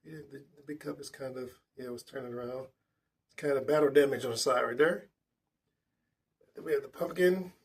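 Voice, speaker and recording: A man's voice: medium pitch, brisk, creaky, long pauses, breathy edge. A man hosting a casual snack tasting vlog indoors at a table, chatty and enthusiastic with loose restarts. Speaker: food vlogger.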